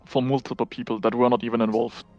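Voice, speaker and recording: A man organizing a multiplayer strategy game over a voice call, making brisk, dry remarks. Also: medium pitch, flat delivery, darkish tone, highs cut off, soft background music. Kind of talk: casual group chat over voice call.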